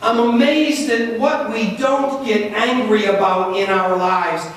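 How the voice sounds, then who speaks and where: A man pastor preaching a sermon, telling stories with lively swings in pitch and loudness. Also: takes it slowly, slight background noise. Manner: animated storytelling with wide swings in pitch and loudness. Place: church sanctuary. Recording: very echoey church, from far off.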